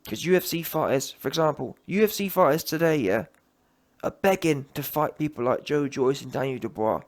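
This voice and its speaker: A fired-up man rants on his own channel, his voice swinging widely up and down as he hammers home each point. His pitch sits a touch high for a man. He talks fast and keeps cutting himself off to restart a thought. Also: expressive. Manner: heated, emphatic, rapid restarts. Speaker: boxing commentator. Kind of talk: opinionated solo rant.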